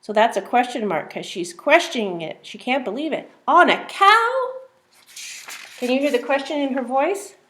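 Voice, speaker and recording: A woman's voice: a little high, fairly quick, hardly any pauses. A woman teacher reading a simple phonics book aloud to young children, sounding out words and asking questions.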